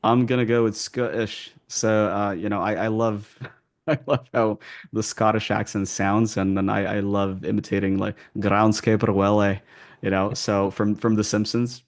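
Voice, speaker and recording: Low gravelly-voiced man coaching accents. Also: steady tone, moderate pace. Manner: rambling, many restarts and fillers. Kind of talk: casual interview answers.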